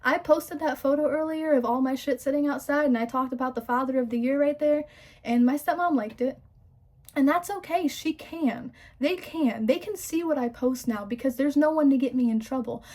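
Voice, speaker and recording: A woman's voice: high-pitched, a little fast, a little mellow. A young woman in an emotional personal monologue, raw and profane, stumbling over restarts and close to tears.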